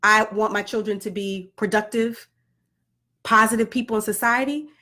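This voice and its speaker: A middle-aged woman vlogging about parenting in a sassy, blunt and animated way, with sudden asides. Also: mid-range voice, moderate pace. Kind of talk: candid parenting vlog.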